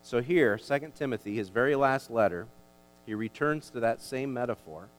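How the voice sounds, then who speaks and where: Animated male pastor preaching in reverb. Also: mid-range voice, moderate pace. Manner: animated, emphatic, with frequent restarts. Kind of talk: sermon. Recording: long hall reverb.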